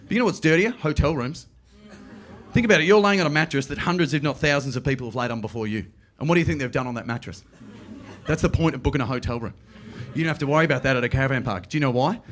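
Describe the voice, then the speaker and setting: A middle-aged man with an Australian accent doing a stand-up comedy routine, telling stories quickly and slipping into playful voices. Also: medium pitch. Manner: animated, quick storytelling with playful put-on voices. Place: comedy club stage.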